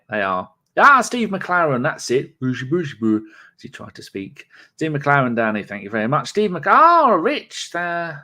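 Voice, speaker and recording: A man's voice: mid-range voice, fairly bright tone. A man hosting a casual live-stream podcast, rambling, reading out viewer comments and stumbling over names. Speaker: podcast host.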